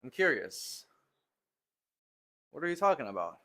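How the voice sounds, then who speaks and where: A man's voice: mid-range voice, sing-song, measured pace, a bit bright. A man live-streaming his workout from a home gym, teasing a viewer in casual joking banter with laughs and sighs between lifts. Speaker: fitness streamer.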